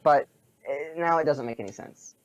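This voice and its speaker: A man co-hosting a casual gaming podcast, sarcastic and quick to laugh. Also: a little high, muffled recording. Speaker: podcast co-host. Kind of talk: casual chat.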